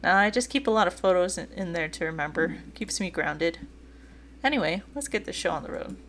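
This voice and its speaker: A woman's voice: on the low side, expressive, fairly quick, fairly bright tone, slight background noise. Woman voicing Stan, a folksy joking old boater. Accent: light put-on Southern drawl. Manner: teasing, folksy storytelling. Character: folksy joking older male boat owner. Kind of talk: dating game read-aloud.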